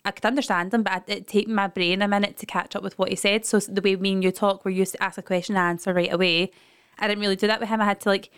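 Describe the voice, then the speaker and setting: A woman from Glasgow with a Glaswegian accent, co-hosting a podcast and chatting in an animated, ranting way. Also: mid-range voice, quick pace, clean tone. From Scotland. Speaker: podcast co-host. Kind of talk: casual chat.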